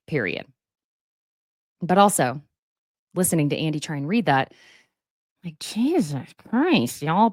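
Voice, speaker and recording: A woman's voice: fairly low pitch, dry recording, studio quality. A woman hosting a casual recap, chatty and opinionated, with asides and mock voices. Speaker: recap host.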